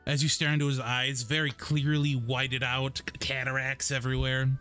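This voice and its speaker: A man's voice: medium pitch, level tone, normal speed, bright, forceful tone, clean tone, faint music behind. A man narrating as game master in a playful, descriptive way.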